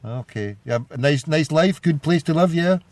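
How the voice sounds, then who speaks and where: A man's voice: fairly high pitch, lively intonation, moderate pace, darkish tone, no echo. A Scottish man hosting a call-in radio show, rambling and jokey, with a lot of stumbling restarts. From Scotland. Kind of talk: casual call-in radio chat.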